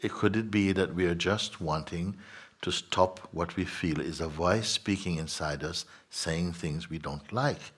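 Husky low-voiced man teaching softly. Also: measured pace, hardly any pauses. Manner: soft-spoken, drops to whispers, acts out voices playfully. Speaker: spiritual teacher. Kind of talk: spiritual teaching dialogue with listeners.

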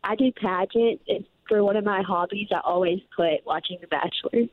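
A woman's voice: medium pitch, normal speed, no echo, narrow, tinny audio. An eighteen-year-old woman with an Alabama accent, chatting and giggling on a call to a podcast. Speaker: caller, podcast fan.

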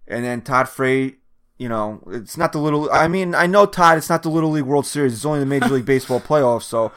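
A man's voice: mid-range voice, fast, fairly bright tone, clean tone. Rambling man talking baseball. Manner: rambling, trails off mid-thought. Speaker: podcast co-host. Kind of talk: casual sports chat.

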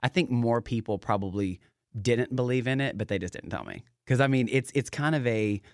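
A man's voice: medium pitch, brisk, smooth, no echo, studio quality. A young man from Tennessee with a toned-down Southern accent, a guest on a casual podcast, talking animatedly and laughing often. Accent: East Tennessee, toned down. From Knoxville, Tennessee. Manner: animated, laughs often, repeats words when starting.

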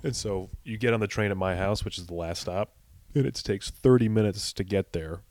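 Lower-voiced young man. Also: brisk, darkish tone, a little hiss or hum. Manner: loose, profane, laughing storyteller. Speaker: podcast co-host. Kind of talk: casual chat.

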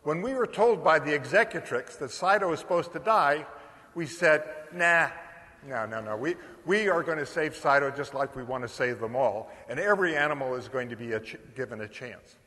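An older American man telling a lively anecdote to an audience, acting out the dialogue. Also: fairly high pitch, a little fast. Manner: animated, acts out quoted dialogue. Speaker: storyteller speaker. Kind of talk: anecdotal storytelling talk. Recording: long hall reverb.

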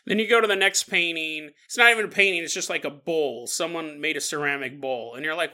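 A man's voice: on the high side, brisk, vocal fry, hardly any pauses, sharp tone. A man hosting a podcast, telling a story in a rambling, joking way with mock voices. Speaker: podcast host. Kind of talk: comedic paranormal podcast storytelling.

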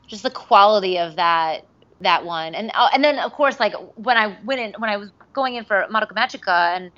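A woman guest in a casual interview, talking in an animated way with many fillers and restarts. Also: mid-range voice, brisk. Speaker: voice actress guest. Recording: dull lo-fi recording.

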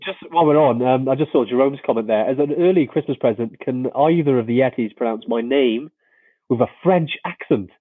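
A man's voice: medium pitch, a little fast, slightly rough, no echo, narrow, tinny audio. A man co-hosting a casual live-stream chat, friendly and laid-back.

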